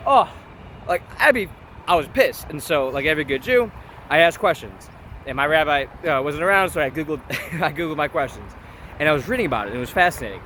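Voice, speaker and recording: A young man with a fairly high voice talks through a scripture story in an informal, chatty vlog manner, often tossing in quick check-ins with the listener. He is recorded outdoors, with steady street traffic clearly heard behind him. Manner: informal, chatty, keeps asking "right?". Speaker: vlogger. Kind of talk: casual commentary on scripture.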